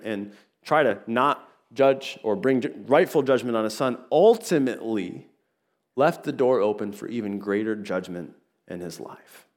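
A man preaching a sermon as pastor, earnest and animated, retelling a story with quick acted asides. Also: on the low side.

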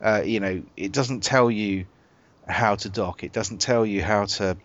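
A man's voice: lowish voice, measured pace, fairly bright tone. A man hosting a gaming podcast in casual chat, rambling and searching for words. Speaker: podcast host. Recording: dull lo-fi podcast audio.

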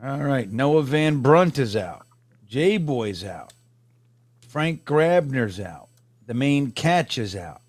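A man's voice: mid-range voice, expressive, slow pace, no room sound. Laid-back New man, dry close sound. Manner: laid-back, rambling storyteller. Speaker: podcast co-host. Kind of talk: casual live-stream chat.

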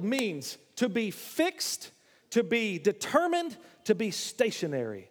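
A man's voice: very high voice, sing-song, slow pace, long reverb tail. A man preaching a sermon in a church, emphatic and rising into impassioned declarations, with jokes along the way.

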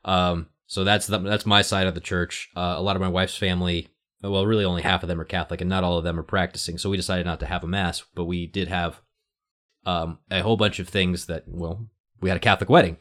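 A man's voice: sits low, little pitch movement, fast, fairly bright tone. A man on a podcast panel, telling a chatty personal story loosely, with plenty of fillers. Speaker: co-host. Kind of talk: casual anecdote.

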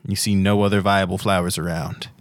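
Casual game master, low voice, dry close sound, laid-back narration. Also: male voice, a little fast, dry recording. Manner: relaxed, laughing often.

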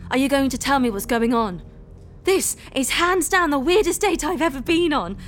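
Actress as a dry, sarcastic woman on a bad date, high and lively voice, comedy audio drama. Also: moderate pace, a little hiss or hum. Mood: unimpressed. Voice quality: dry, sardonic delivery.

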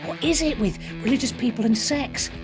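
A woman's voice: a little high, a little fast. A woman radio presenter delivering a sarcastic, mocking opinion segment. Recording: music bed under voice.

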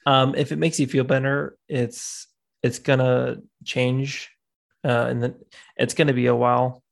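A man hosting a casual podcast chat, agreeable and quick to laugh. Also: mid-range voice, flat delivery, gravelly. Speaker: podcast host.

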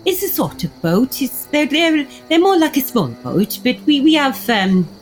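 A woman's voice: high-pitched, sing-song, a little slow, soft background music, low-quality recording. A woman playing her character in a tabletop game, talking politely and hesitantly with frequent restarts. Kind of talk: in-character tabletop role-play.

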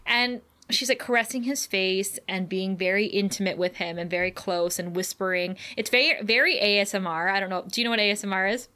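A woman co-hosting a casual podcast, recapping a TV episode in lively, laugh-filled chat and swearing casually. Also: mid-range voice, fairly quick, few pauses. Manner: animated, laughs often, acts out quotes.

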